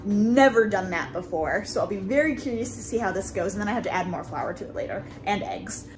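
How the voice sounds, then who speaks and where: A woman's voice: medium pitch, sing-song, brisk, over music. A woman vlogger cooking in a home kitchen, chatting casually as she explains each step plainly.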